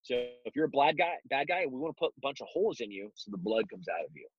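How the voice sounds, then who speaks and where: A man's voice: medium pitch, very animated, quick pace, slight background noise. A man talking bluntly in an interview, telling stories with mocking asides. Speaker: guest, self-defense instructor. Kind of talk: casual interview talk. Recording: dull lo-fi recording.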